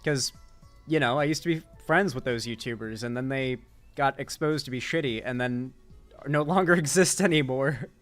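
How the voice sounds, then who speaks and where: A man's voice: medium pitch, moderate pace, a bit bright, soft background music. A young man hosting a live stream, chatting casually and sleepily with his chat and reading out donations as he wraps up. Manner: laid-back, rambling, thanks chat and reads donations aloud. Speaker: political commentary streamer.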